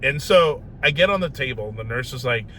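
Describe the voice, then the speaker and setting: Animated, bright-voiced man telling a story. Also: mid-range voice, fairly quick, slight background noise. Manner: animated, self-mocking, tags lines with "right?". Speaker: vlogger. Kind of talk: casual storytelling.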